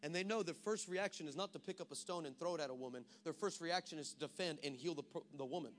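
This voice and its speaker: A man's voice: fairly high pitch, fast, fairly bright tone, slight background noise. A pastor from Texas preaching a sermon, switching between self-mocking stories and a rising, emphatic preaching cadence.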